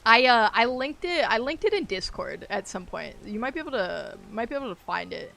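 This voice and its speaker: Chatty higher-voiced woman streaming a game. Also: lively intonation, brisk, vocal fry, bright, forceful tone, a little hiss or hum. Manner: chatty and rambling, laughs often, reacts aloud to the game. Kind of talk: casual live-stream chat while gaming.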